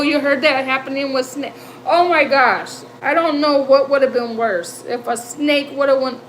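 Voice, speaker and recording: A woman in her fifties hosting a livestream, telling a story in a chatty, animated way and laughing often. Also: a little high, slight background noise, poor audio. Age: 50s. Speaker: livestream host. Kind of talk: casual storytelling chat. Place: home.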